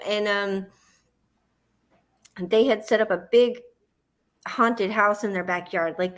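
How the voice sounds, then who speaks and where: A woman's voice: medium pitch, a bit bright. A woman with a Southern US accent, hosting a livestream and telling a long personal story, acting out her own panic in the quoted parts. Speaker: host.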